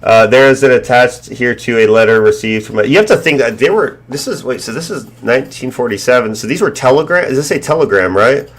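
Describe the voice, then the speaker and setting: A man's voice: medium pitch, lively intonation, fairly quick, few pauses. A man hosting a casual live stream chat, laughing often and acting out phone callers in raised voices. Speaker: stream host.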